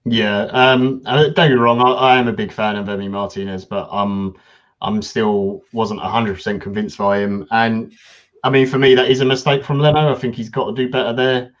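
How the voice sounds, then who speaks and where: A man co-hosting a football podcast, talking in a relaxed way with lots of ums and measured opinions. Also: mid-range voice, muffled recording. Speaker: podcast co-host. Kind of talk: casual football chat.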